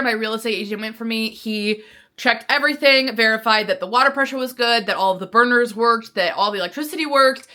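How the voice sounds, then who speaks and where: A woman vlogging straight to camera, telling a long story in an animated, exasperated way. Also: on the high side. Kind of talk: casual talking-to-camera vlog.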